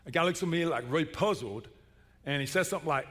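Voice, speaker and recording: Male pastor, middle-aged, lively comic storyteller, bright tone in a reverberant church. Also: on the high side, quick pace. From Chattanooga, Tennessee. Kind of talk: sermon with storytelling.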